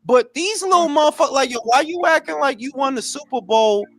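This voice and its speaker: Loud high-voiced man ranting about boxing. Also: lively intonation, brisk. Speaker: podcast co-host. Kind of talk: casual boxing chat.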